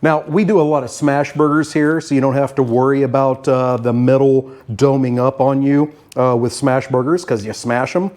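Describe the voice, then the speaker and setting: A man's voice: mid-range voice, fairly even intonation, normal speed, hardly any pauses, a little mellow. An older man hosting a home cooking show, talking casually and folksily with frequent filler words.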